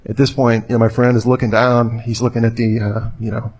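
A man's voice: medium pitch, flat delivery, brisk, hardly any pauses, a little mellow. A man speaking to a live audience in a conversational, storytelling way with rhetorical questions.

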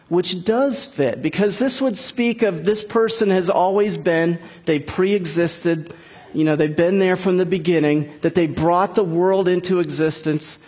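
A man's voice: on the high side, a little mellow, slightly rough. A man preaching a conversational sermon as a pastor, explaining scripture with frequent restarts and asides.

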